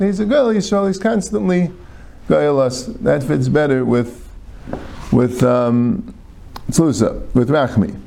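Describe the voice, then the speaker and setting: Gravelly-voiced rabbi teaching Talmud. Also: male voice, a little high, warm tone. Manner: thinking aloud, frequent "right?" checks, mixing Hebrew-Aramaic terms. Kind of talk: Talmud class lecture.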